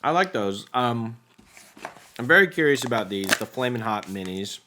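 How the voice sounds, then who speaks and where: A man's voice: medium pitch, lively intonation, moderate pace, a crowd in the background. Laid-back rambling young man. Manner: laid-back, rambling, jokey with frequent laughs. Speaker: podcast co-host. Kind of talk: casual snack-tasting chat.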